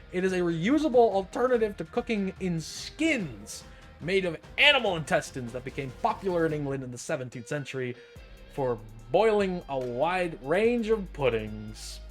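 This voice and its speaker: A man's voice: high-pitched, big pitch swings, normal speed, faint music behind. A young man streaming, reading an article aloud and riffing on it in a profane, incredulous, joking way. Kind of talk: casual reading and commentary.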